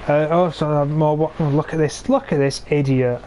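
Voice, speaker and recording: Speaking at a moderate pace in a steady, dark, slightly high voice, an English streamer in his twenties gives live commentary on a tank game. He mutters sarcastic complaints about his teammates, recorded on a cheap gaming mic with slight background noise.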